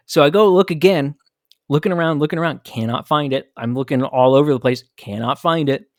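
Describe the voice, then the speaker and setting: Man, podcast host, personal storytelling, candid and reflective, higher voice, dry close sound. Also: brisk, no echo.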